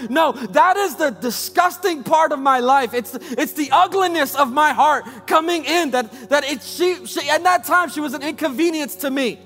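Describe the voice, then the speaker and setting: A man's voice: very high-pitched, normal speed, few pauses, fairly bright tone, soft background music. A man preaching a sermon as a pastor, building passionate, repetitive cadences.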